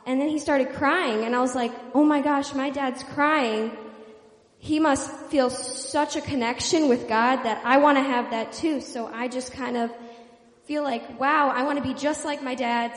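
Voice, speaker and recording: A woman's voice: high voice, roomy sound, in a large hall. A young woman sharing a personal story in an earnest, casual way, with many fillers. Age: young adult. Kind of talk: personal testimony.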